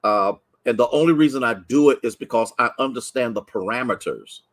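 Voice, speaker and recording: A man's voice: mid-range voice, brisk. Emotional preacher man greeting online viewers. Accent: Ohio, Midwestern American. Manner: conversational, greets online viewers by name, many restarts; emotional, close to tears at times. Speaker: pastor. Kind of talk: livestreamed noon Bible study sermon.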